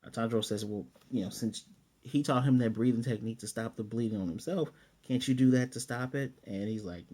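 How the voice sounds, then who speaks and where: A man's voice: mid-range voice, a little fast, mellow. A man casually recapping an anime episode as a reviewer, in a loose, rambling way with laid-back slang. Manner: loose and rambling, retelling scenes with "he's like".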